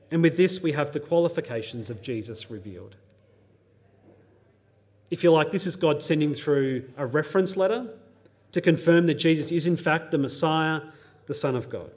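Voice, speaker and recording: A young man delivers a sermon in an earnest, teaching tone, his voice sitting a little on the high side. He reads scripture passages aloud and explains them plainly, now and then slipping in a nerdy pop-culture aside. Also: animated, moderate pace. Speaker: pastor.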